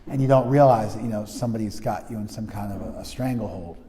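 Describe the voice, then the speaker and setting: A spiritual teacher giving an informal talk to a group, conversational and full of restarts, often checking that listeners follow. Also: male voice, on the low side, fast, warm tone, in a large hall.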